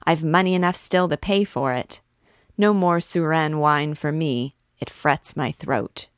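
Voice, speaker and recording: A rowdy young student holds court in a tavern, bragging and declaiming in mock-grand tones, as a woman reads him aloud. The voice sits low, and the sound is close and dry. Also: a little slow, no room sound. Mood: merry. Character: rowdy boastful young male student, drunk.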